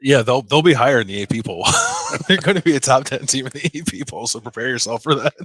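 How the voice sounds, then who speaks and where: A man co-hosting a casual sports podcast, chatty and quick to laugh, with lots of fillers. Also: mid-range voice, lively intonation, fairly bright tone. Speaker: podcast co-host.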